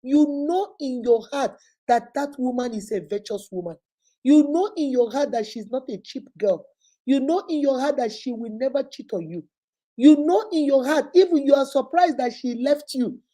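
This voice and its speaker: A woman's voice: high voice, lively intonation, moderate pace, warm tone. A woman with a Nigerian accent giving impassioned vlog commentary, scolding and preachy, hammering points home with repeated rhetorical questions. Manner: emphatic, repetitive, rhetorical questions. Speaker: vlogger host.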